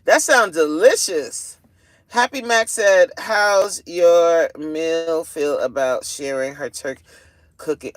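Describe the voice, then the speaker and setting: A woman's voice: low-pitched, dry recording. A woman hosting a casual livestream from her car, chatting with viewers, exclaiming and reading their comments aloud. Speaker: livestream host.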